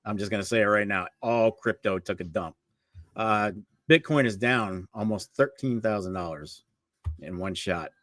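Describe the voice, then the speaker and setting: A man with a fairly low voice co-hosts a casual livestream, chatting easily as he rattles through market prices. His voice sits close to the mic in a dry, dead room. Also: moderate pace, fairly bright tone, dry recording. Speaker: co-host of a livestream show.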